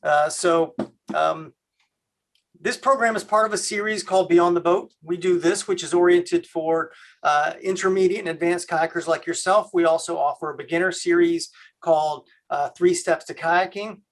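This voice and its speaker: A man from Canada hosting a video call, talking in a halting way with many fillers. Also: high voice, fairly even intonation. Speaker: host.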